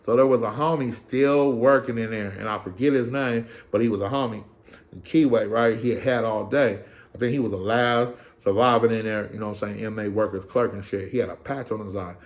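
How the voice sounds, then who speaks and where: A man's voice: on the low side, a little fast, highs cut off. A middle-aged man casually telling a story in a streetwise, profane style. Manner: streetwise, profane, animated retelling with quoted voices.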